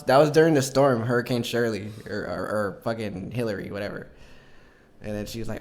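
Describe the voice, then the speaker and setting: A man's voice: lowish voice, a little fast, a little mellow. A man telling a casual story as a podcast guest, in a profane, laid-back way with lots of fillers.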